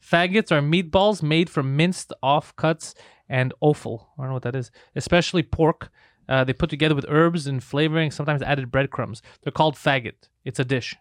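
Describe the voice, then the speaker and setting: Crude joking man, slightly high, dry sound. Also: moderate pace, hardly any pauses, dry recording. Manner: crude, joking, mocking, bursts into silly accents. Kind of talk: crude casual banter.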